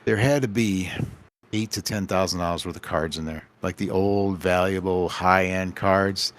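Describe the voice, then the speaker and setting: Store-owner guest type: low-pitched man, loose storyteller who voices the people in his tales. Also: fairly even intonation, normal speed. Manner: rambling anecdotes with acted-out quoted dialogue. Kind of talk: casual podcast storytelling.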